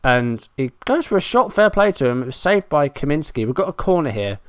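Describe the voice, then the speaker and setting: A man's voice: fairly high pitch, very animated, brisk, clear, resonant tone, dry recording, clean studio sound. A man giving running play-by-play commentary on a football management game, frustrated and self-mocking. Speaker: gaming YouTuber.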